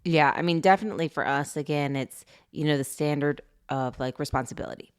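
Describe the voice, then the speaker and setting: Middle-aged woman co-host, chatty, animated storyteller, lowish voice. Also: fairly quick, clear, resonant tone. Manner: animated storytelling, laughs often. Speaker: podcast co-host. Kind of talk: casual chat.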